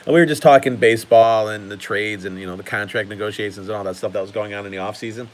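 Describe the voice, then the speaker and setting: A man's voice: on the low side, quick pace, a little hiss or hum, poor audio. A man hosting a casual card-collecting live stream, chatty and laughing often while he sorts cards at his table.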